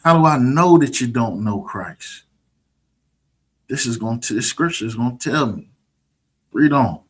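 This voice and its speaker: Husky guy preaching a bible breakdown online, mocking, keeps going "you understand?". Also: mid-range voice, lively intonation, a little slow, a bit bright. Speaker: scripture teacher. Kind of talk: streamed scripture lesson.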